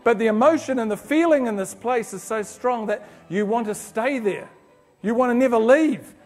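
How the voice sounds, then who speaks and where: Lively high-voiced keynote speaker. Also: male voice, normal speed. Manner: animated storyteller acting out little scenes. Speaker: conference speaker. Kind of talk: motivational keynote talk. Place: conference hall.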